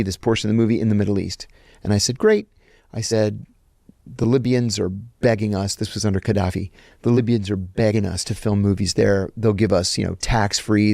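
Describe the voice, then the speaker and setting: Man, middle-aged, gravelly voice, dry close sound, lively storyteller. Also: lowish voice, dry recording. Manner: animated anecdote teller, acts out quoted lines. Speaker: guest, former intelligence officer. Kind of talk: storytelling in an interview.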